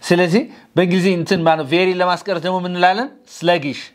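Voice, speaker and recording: Fast-talking Ethiopian teacher drilling English. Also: male voice, high voice, steady tone. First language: Amharic. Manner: coaxing, drills students to repeat words. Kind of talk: classroom English lesson, call and response.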